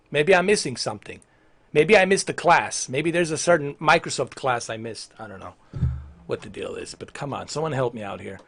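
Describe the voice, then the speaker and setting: Animated, profane man streaming live. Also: medium pitch, moderate pace, creaky. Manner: animated, profane ranting at viewers. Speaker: livestreamer. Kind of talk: casual livestream chat.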